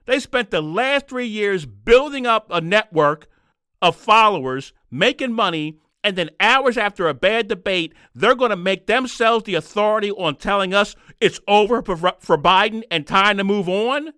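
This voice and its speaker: A man's voice: sits high, animated, moderate pace, pushed and bright, smooth, no room sound, studio quality. A man hosting his own podcast, delivering a heated, sarcastic political rant. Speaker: podcast host. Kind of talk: solo political commentary rant.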